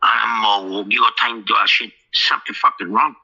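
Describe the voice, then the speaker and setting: A man's voice: fairly low pitch, steady tone, brisk, pushed and bright, highs cut off. A man hosting a podcast, ranting profanely in crude casual chat. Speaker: podcast host. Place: lives in Wales.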